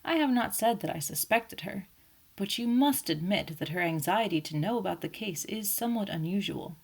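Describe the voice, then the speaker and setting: A woman voicing an elderly, fussy male Belgian detective, speaking gently and ironically in an audiobook. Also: mid-range voice, expressive, normal speed, gravelly, slightly rough. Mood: ironic, teasing. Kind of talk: audiobook character voice.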